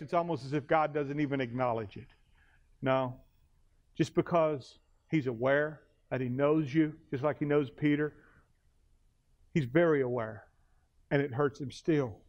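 High-voiced male pastor preaching dramatically. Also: highs cut off. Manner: dramatic storytelling, slowing for emphasis. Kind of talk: sermon.

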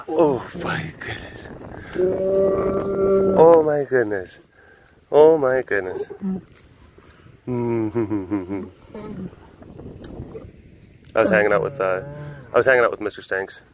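A man's voice: mid-range voice, a bit bright, poor audio. Rambling young man outdoors. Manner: rambling, chatty, talks to animals in baby voice. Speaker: vlog host, big cat keeper. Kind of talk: casual chat. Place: outdoors at a rural animal facility.

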